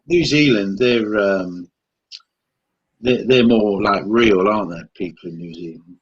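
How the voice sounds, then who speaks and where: A man's voice: fairly low pitch, measured pace, husky, highs cut off. A man co-hosting a casual live chat stream, teasing and easygoing in his banter.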